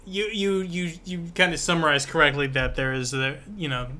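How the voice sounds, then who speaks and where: Bright-voiced man explaining a book. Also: on the high side, steady tone. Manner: explanatory, halting with many restarts. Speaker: podcast co-host. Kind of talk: casual book discussion.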